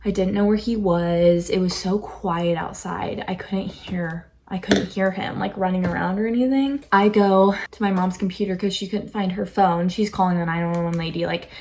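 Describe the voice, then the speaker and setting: A woman's voice: medium pitch, steady tone, moderate pace, hardly any pauses, a little mellow, a little hiss or hum. Teenage girl telling a rambling story. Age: teens. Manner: rambling, filler-heavy, emotional retelling. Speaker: vlogger. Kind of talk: casual storytime vlog. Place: her bedroom at home.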